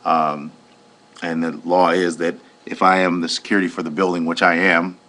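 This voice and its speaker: A man with a fairly low voice tells a story in a plain-spoken way, speaking as a private security officer. He acts out the lines of the people in it as he goes. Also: level tone, moderate pace, pushed and bright. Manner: plain-spoken, retells with acted-out quotes. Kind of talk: recounting a personal incident.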